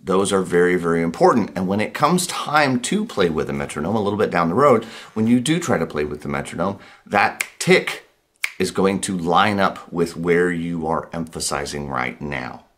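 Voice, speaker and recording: Speaking in a deep voice at normal speed, a man teaches a blues guitar lesson in a relaxed, reassuring manner. He repeats points for emphasis and counts beats aloud as he plays, with guitar audible behind his voice.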